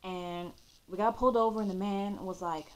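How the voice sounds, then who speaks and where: A woman in her twenties, a YouTuber, telling her own story to the camera in a casual, expressive way and calling her viewers "y'all". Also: medium pitch, moderate pace.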